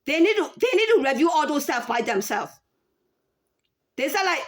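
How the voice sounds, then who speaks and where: A woman in her thirties or forties speaking in a casual unscripted monologue, halting with many fillers and restarts. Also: sits high, very animated. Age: 30s to 40s. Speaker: former store employee.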